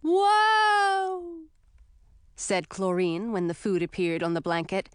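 A woman narrating a first-person fantasy audiobook in a clear, expressive storytelling voice. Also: on the low side, moderate pace, no room sound, studio quality.

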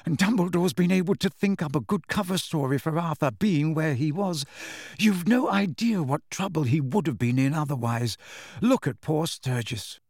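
A man reading aloud, voicing a tired, grateful middle-aged mother who speaks weakly and softly. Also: fairly high pitch, very animated, normal speed, no room sound, clean studio sound. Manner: weak, tired and soft-spoken.

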